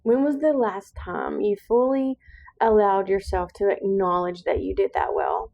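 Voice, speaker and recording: Slow, earnest woman podcast host. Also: medium pitch, gravelly, a little mellow, highs cut off, slight background noise. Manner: slow, earnest, emphatic repetition. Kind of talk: encouraging solo podcast monologue.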